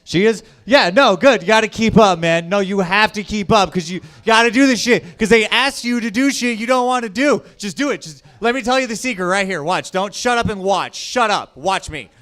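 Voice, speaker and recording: A young adult man doing a profane stand-up comedy set on a club stage, swinging between loud shouting and low mutters. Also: fairly quick, hardly any pauses.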